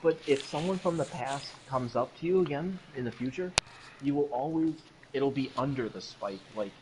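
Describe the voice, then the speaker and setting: A man's voice: medium pitch, moderate pace, background noise. A young man in casual chat who muses and philosophizes, filling his talk with "like". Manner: musing, philosophizing with lots of "like".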